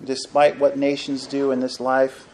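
A man preaching a sermon, reading scripture in old-fashioned wording, swelling loud and then dropping almost to a hush. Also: medium pitch, completely flat delivery, unhurried, slight background noise.

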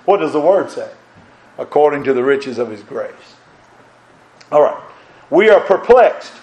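A man's voice: mid-range voice, normal speed, mellow, rough recording. An older man preaching a sermon in a folksy way, asking his congregation questions and rising to emphatic peaks. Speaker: pastor.

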